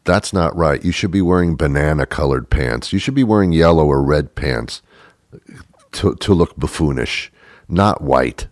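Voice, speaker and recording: A man hosting a comic monologue, ranting in a deadpan way with emphatic repetitions. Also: rumbling low, normal speed, no room sound, studio quality. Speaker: host.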